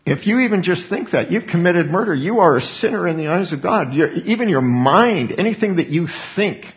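A male preacher giving a sermon, expounding scripture earnestly and breaking into animated asides, on a dull lo-fi recording. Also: high-pitched, fairly quick.

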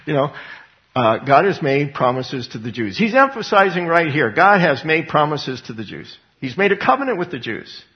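Emphatic male preacher, lo-fi recording. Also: mid-range voice. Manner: emphatic, asks and answers his own questions. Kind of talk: sermon. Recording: dull lo-fi recording.

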